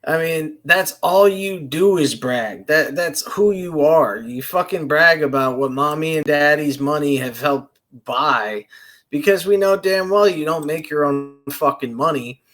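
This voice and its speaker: A man's voice: fairly high pitch, measured pace, a bit bright. A man streaming a reaction, ranting angrily with constant swearing in a loose, rambling way. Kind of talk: profane reaction rant.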